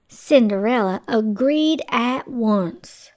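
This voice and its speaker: A woman hosting a children's radio show, telling a bedtime story gently and sometimes dropping to a whisper. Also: fairly high pitch, lively intonation, slow.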